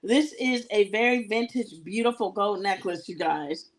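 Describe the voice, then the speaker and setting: A woman's voice: medium pitch, a little slow. A woman hosting a live jewelry sale show, chatting casually and giggling as she talks to her viewers. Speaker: live shopping show host selling jewelry. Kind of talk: casual live-stream sales chat.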